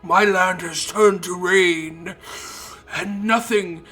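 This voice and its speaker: A woman's voice: on the low side, fairly even intonation, slow, fairly bright tone, soft background music. Woman doing a mournful cloud princess. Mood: lamenting.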